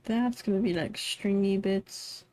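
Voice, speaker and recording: A woman's voice: medium pitch, unhurried, darkish tone. A tired woman streaming live, mumbling to herself as she draws. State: tired, yawning. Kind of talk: casual live-stream commentary while drawing.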